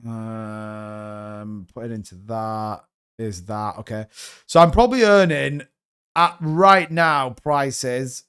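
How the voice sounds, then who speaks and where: A man's voice: medium pitch, takes it slowly, smooth. A man hosting a casual crypto livestream, rambling through his holdings, correcting himself and answering questions from the chat.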